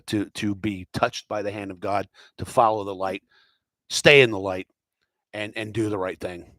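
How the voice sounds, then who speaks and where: A man's voice: fairly low pitch, moderate pace, fairly bright tone, no echo. A man ranting his opinions on a vlog, swearing often, heated and repeating himself. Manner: profane, heated, repetitive. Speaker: commentator.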